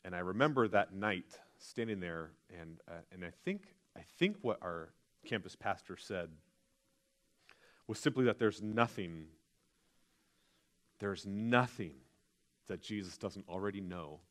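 Low-voiced man preaching. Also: lively intonation, unhurried, long pauses, a bit bright. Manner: earnest, confessional storytelling. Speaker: pastor. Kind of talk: sermon.

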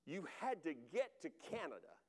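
A man's voice: high voice, huge pitch swings, normal speed. A man preaching a sermon, talking conversationally to the congregation and repeating phrases for emphasis. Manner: addresses congregation and online viewers directly. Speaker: pastor.

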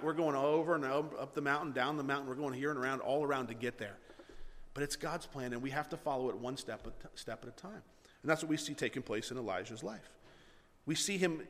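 A pastor delivering an animated sermon in a church, his fairly high voice rising loud and dropping low as he plays out the story. The sound carries a long reverb from the big room. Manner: animated, acts out Bible dialogue, swings from loud to hushed.

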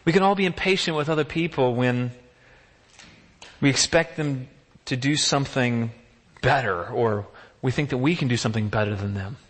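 A man's voice: mid-range voice, moderate pace. Conversational man preaching in a reverberant hall. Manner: conversational, many rhetorical questions. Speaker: pastor. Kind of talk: sermon.

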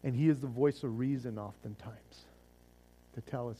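A man's voice: mid-range voice, normal speed, dark tone, slightly rough. A man preaching a sermon as pastor, fervent and casual, often repeating words as he restarts.

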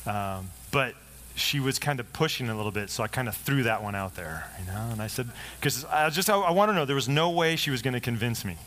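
A man's voice: medium pitch, fairly quick. Man pastor telling a story in a sermon. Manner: conversational storytelling, lively quoted dialogue.

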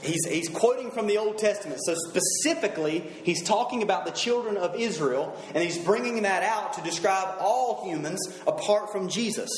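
A man preaching a sermon earnestly, reading scripture slowly and driving each point home with emphasis. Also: high-pitched, lively intonation, echoey room, a little hiss or hum, rough recording.

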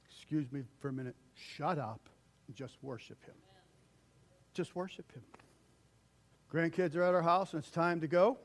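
A man's voice: fairly high pitch, fairly even intonation, moderate pace, long pauses, slight background noise. Older male pastor preaching a sermon. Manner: conversational, acts out quoted voices, swings between loud and hushed.

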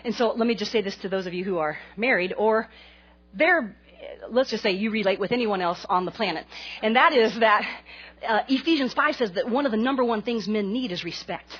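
A woman in her forties preaching a sermon to a congregation, an animated and self-mocking storyteller. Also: medium pitch, a little fast, slightly rough, muffled recording. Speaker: pastor's wife speaking to a congregation.

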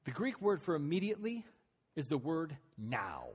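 A man's voice: a little high, big pitch swings, normal speed, slightly rough. A man preaching a sermon, retelling a story dramatically with voiced quotes.

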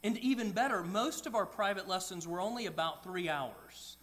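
A middle-aged man preaching a sermon, telling a personal story with soft, quiet asides. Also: high voice, lively intonation, moderate pace. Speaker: pastor.

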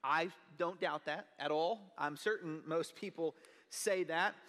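A pastor preaching a sermon, telling a personal story in an earnest, conversational way. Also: male voice, on the high side, unhurried, a bit bright. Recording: long reverb of a large hall.

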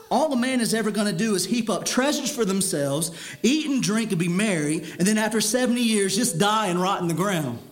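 A man preaching a sermon in an earnest, stern way, often repeating words as he builds his point. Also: high-pitched.

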